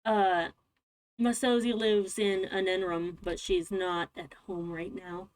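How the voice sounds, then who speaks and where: A woman's voice: mid-range voice, level tone, slow, smooth. A woman chatting casually with her tabletop group, joking, swearing and laughing at her own bad luck. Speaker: tabletop game player. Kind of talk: casual chat between players.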